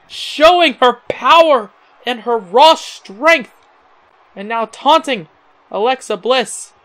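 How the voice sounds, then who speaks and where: A young man giving excitable play-by-play wrestling commentary, his voice cracking, with frequent exclamations and chuckles. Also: high-pitched. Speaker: amateur commentator.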